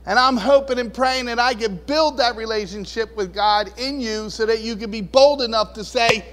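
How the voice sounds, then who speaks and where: Speaking at normal speed with hardly any pauses, this pastor has a high, somewhat bright voice. He delivers a relaxed, conversational sermon, laughing frequently and performing the voices of those he quotes, with a large hall's long reverb behind him.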